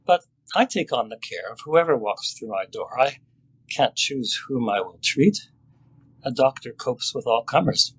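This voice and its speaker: A husky, slightly breathy older man reads a personal story aloud. His delivery is measured and sober, with a mid-range pitch and a reflective pace. He sounds like a family doctor recalling his own patients. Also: lively intonation, fairly bright tone, rough recording.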